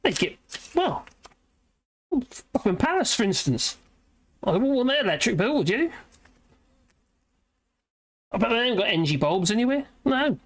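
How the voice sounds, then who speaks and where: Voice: mid-range voice, big pitch swings, moderate pace, long pauses. A British livestream host chatting in a rambling way, reading viewer comments aloud and laughing often. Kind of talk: rambling live chat.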